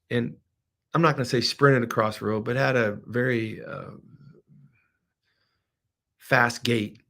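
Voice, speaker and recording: A man's voice: mid-range voice, fairly bright tone. A middle-aged man, a business owner, talking through a casual livestream in a rambling, heartfelt way, emotional at times.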